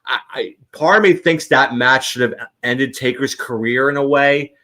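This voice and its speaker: Male host, average pitch, rambling casual talker. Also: normal speed, pushed and bright. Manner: rambling, many restarts. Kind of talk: casual chat.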